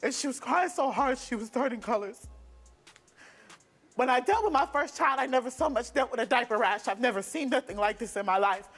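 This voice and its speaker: A young woman giving testimony as a talk show guest. Her voice sits somewhat high. She retells the events in an earnest, detailed and emphatic way. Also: fairly quick, a bit bright, soft background music. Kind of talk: personal testimony.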